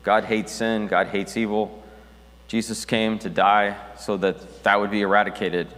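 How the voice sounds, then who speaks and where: A man's voice: on the low side, flat delivery, unhurried, fairly bright tone, big-room sound. A man preaching a sermon as pastor, talking conversationally with restarts and reading scripture aloud.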